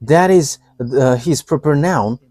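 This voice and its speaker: A man preaching a live sermon, halting, with frequent pauses and fillers, and chuckling between statements. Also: medium pitch, darkish tone, no echo.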